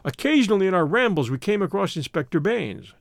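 A man narrates a classic detective story in a steady, measured way, his voice high and lively. The sound is dry and close to the mic, as in a booth recording. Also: vocal fry, no echo. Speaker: audiobook narrator.

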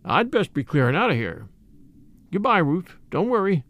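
A man's voice: high-pitched, very animated, normal speed, a bit bright. A man voicing an older American millionaire father who talks in a plain, unemotional, folksy way in a storybook reading.

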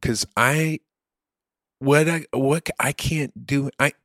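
A man telling a story in relaxed podcast chat, earnest and often stumbling into restarts. His voice sits at a middle pitch, recorded dry and close. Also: takes it slowly, no echo.

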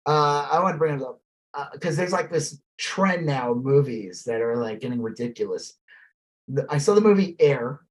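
Man, podcast co-host, casual chat, rambling, animated, swears a lot, mid pitch. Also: moderate pace. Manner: rambling, animated, swears freely and mimics posh voices.

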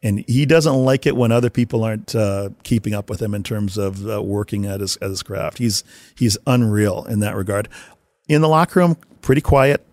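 Low-voiced man telling stories. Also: normal speed, no room sound. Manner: animated storyteller, acts out shouted quotes. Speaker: hockey staff member telling stories. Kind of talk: casual anecdotal storytelling.

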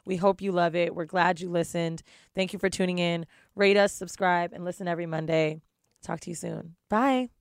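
A woman's voice: fairly low pitch, fairly even intonation, normal speed, clear, resonant tone, no echo. Woman podcast co-host, blunt and cussing, dry close sound. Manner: blunt, profane, laughs often. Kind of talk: casual podcast chat. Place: studio with guests.

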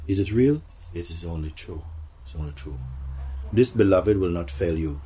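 A man's voice: low voice, animated, normal speed, mellow, husky. A man giving a spiritual satsang talk, playful, slipping into acted voices and laughter. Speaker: spiritual teacher.

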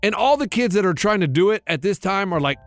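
A man's voice: sits high, quick pace, no room sound, faint music behind. A man in his thirties, a radio show co-host, telling a rambling story and acting out the voices in it. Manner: rambling animated storytelling, acts out quotes. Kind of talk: casual chat, storytelling.

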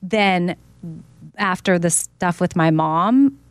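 A woman's voice: fairly low pitch, expressive, slow, clean tone, no room sound. A woman hosting a radio show, talking candidly and personally. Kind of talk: casual chat.

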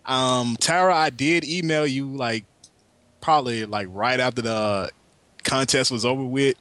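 Male podcast co-host, brash and profane, bright lively delivery, dry close sound. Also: medium pitch, measured pace, no room sound. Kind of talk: casual podcast banter.

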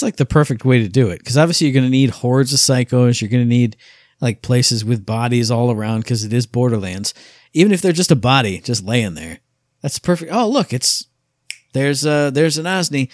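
A man's voice: medium pitch, moderate pace, dry recording, studio quality. A man co-hosting a casual gaming podcast, jokey and playful, who acts out exaggerated impressions of people. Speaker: podcast co-host.

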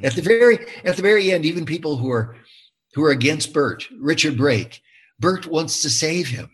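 Older male actor, husky voice, expressive and rambling, casual interview. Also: on the high side, normal speed. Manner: expressive storyteller, many restarts and fillers. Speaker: actor interviewed about his film.

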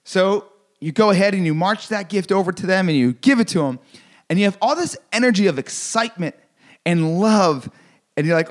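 A man with a high voice delivers a motivational talk. He hammers his points through repetition and occasional swearing, pressing hard on the listener. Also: animated, moderate pace. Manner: intense, repetitive, preachy, swears for emphasis. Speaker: motivational speaker. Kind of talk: motivational speech.

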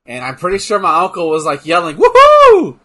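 A man co-hosting a casual chat while watching wrestling, excitable, swearing and trailing off into fillers. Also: a little high, fast talker. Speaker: podcast co-host.

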